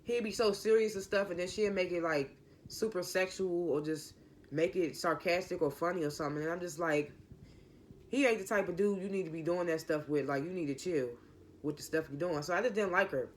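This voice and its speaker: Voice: mid-range voice, brisk, a little hiss or hum. A TV show reviewer giving a casual recap in an opinionated, rambling way, often correcting themself mid-sentence.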